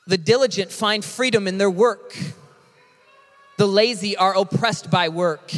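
A high-pitched man preaches a sermon in a casual way, with emphatic, energetic bursts. His voice rings with a long reverb from a large hall. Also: unhurried. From United States. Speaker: pastor.

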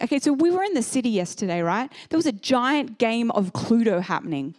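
A woman in her thirties preaching a sermon as a pastor, telling stories in an animated way and acting out the people in them. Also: high-pitched, fairly quick, hardly any pauses, no room sound. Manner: animated storyteller, acts out characters.

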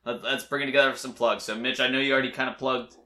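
A man's voice: medium pitch, fairly even intonation, rapid-fire, sharp tone. A man hosting a podcast in casual chat, upbeat and joking. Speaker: podcast host. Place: hot room.

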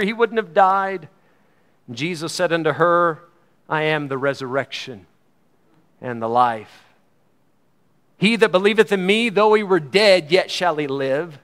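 A middle-aged male preacher delivering a sermon in a slightly high voice. He moves from ringing, emphatic proclamations down to near-whispered lines. His delivery is fervent and dramatic. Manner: fervent, swinging from loud declarations to hushed lows.

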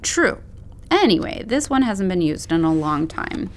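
A woman's voice: fairly low pitch, big pitch swings, measured pace. A woman voicing a playful, theatrical young man who talks in a mock-grand, teasing way. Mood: reassuring.

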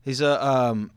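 Man, podcast host, casual chat, slangy, swearing, middle pitch, dry close sound. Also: no echo. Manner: excitable, swears freely, slangy.

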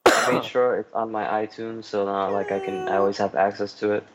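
Deep-voiced laid-back man, lo-fi. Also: flat delivery, fairly quick, a loud crowd. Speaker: podcast co-host. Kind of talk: casual chat. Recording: dull lo-fi audio with faint room ambience.

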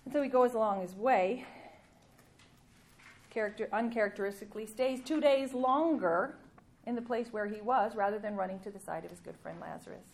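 A woman giving a sermon, reading scripture aloud with emphatic rises and pauses, ending in prayer. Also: on the high side, a little hiss or hum. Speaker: preacher.

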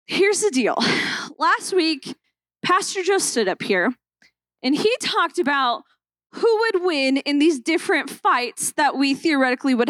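A woman's voice: sits high, fairly bright tone, dry recording. A young woman pastor opening a sermon with playful, self-mocking stories from a church stage.

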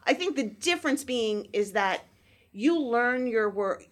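A woman from the American South, hosting a casual chat and telling stories with animated, laughing delivery. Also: on the high side, a little slow. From Southern United States. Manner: animated storyteller, laughs often.

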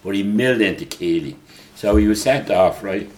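A man's voice: on the low side, normal speed, darkish tone. An older man telling laughing anecdotes in a casual chat. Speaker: guest telling stories.

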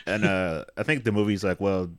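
Laid-back low-voiced man, dry close sound. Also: quick pace, pushed and bright, dry recording. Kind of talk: casual movie recap chat.

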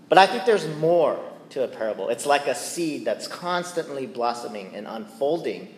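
A man's voice: medium pitch, very animated, moderate pace, hardly any pauses. A man preaching a sermon as pastor, conversational and playful, often checking in with the listeners. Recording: echoey church hall with long reverb.

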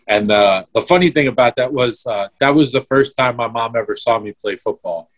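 A man's voice: medium pitch, a little fast. A young man telling a story in casual chat, swearing freely and replaying events step by step. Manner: swears a lot, vivid play-by-play retelling.

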